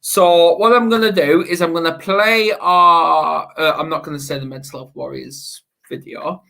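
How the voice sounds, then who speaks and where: A man's voice: on the high side, fairly even intonation, normal speed, creaky, sharp tone. A man hosting a casual livestream talk show, rambling with fillers as he introduces segments. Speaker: host.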